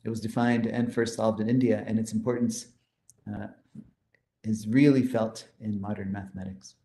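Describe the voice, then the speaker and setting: A man's voice: on the low side, steady tone, normal speed, mellow, echoey room. A man giving a mathematics conference lecture, explaining step by step with enthusiasm and often checking in with "right?".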